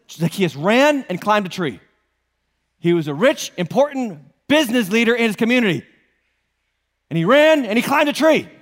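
Male lead pastor, high voice, animated and playful, church hall reverb. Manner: animated, joking, asks the crowd questions. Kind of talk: sermon.

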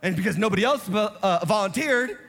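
A man preaching a sermon as lead pastor, telling Bible stories in an animated, acted-out way. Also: high voice, brisk. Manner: animated storytelling, acts out Bible scenes. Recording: long reverb of a large church hall.

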